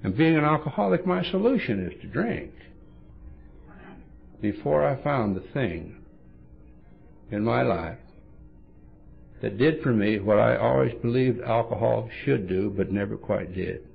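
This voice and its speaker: Gravelly, lively-voiced man telling stories. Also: medium pitch, unhurried, pauses often, soft background music. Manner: blunt, wry, acts out dialogue. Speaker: recovery meeting speaker. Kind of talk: humorous storytelling talk. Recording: dull lo-fi tape recording.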